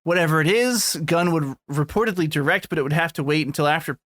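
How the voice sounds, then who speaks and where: A man's voice: fairly high pitch, fast, a bit bright, no echo, studio quality. Crude, joking man on a podcast. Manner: crude, joking, rambling, laughs often. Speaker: podcast co-host. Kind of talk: casual chat.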